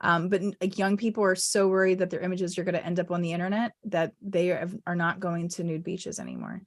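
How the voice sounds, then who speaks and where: An American woman co-hosting a casual podcast hangout, talking in an animated way and laughing easily. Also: lowish voice, quick pace. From United States. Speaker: podcast co-host. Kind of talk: casual chat.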